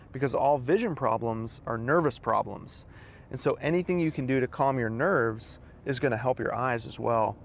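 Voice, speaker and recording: A man's voice: mid-range voice, a little hiss or hum. A man, a vision educator, explaining and guiding listeners through yawning and sighing. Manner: guiding, demonstrates yawns and sighs. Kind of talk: instructional explanation.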